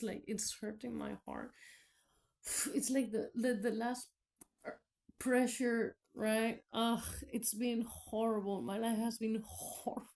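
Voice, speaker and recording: A vlogger whose first language is Spanish shares a personal faith testimony, candid and rambling, full of fillers and restarts. Her voice is a little high and a little mellow.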